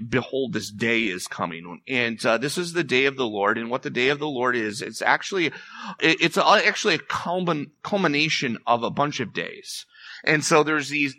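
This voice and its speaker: A man's voice: medium pitch, bright, forceful tone, no room sound. A man preaching a sermon as pastor, earnest and emphatic, pressing his point with rising intensity.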